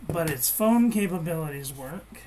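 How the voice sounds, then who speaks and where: A woman's voice: low voice, expressive, normal speed, warm tone, a little hiss or hum. A woman chatting casually while she crafts at home, rambling and meandering, with frequent restarts. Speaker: crafting vlogger.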